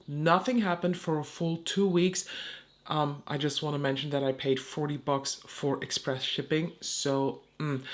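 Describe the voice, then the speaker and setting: A woman, a beauty vlogger, chatting casually and rambling as she does her makeup. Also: sits low. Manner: chatty, rambling, laughs at herself. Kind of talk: casual chat while doing makeup.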